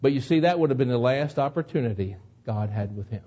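A man's voice: medium pitch, lively intonation, fast, dark tone, highs cut off. A man preaching a sermon, telling a personal story in an earnest way that builds to emotional moments. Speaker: pastor.

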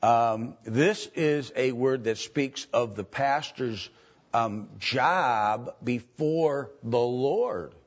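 A man teaching from the Bible in a slow, halting way, with many ums and restarts. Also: medium pitch, slightly rough. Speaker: preacher. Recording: dull lo-fi recording.

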